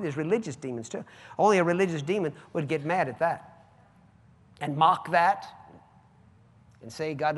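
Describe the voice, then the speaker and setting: A man preaching a sermon, swinging from hushed asides to loud, drawn-out proclamations. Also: a little high, big-room sound.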